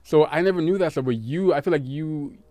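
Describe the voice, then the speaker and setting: A man's voice: on the high side, a little fast, darkish tone, dry recording. A man talking casually with his partner, rambling, often repeating words and laughing. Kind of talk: casual couple chat.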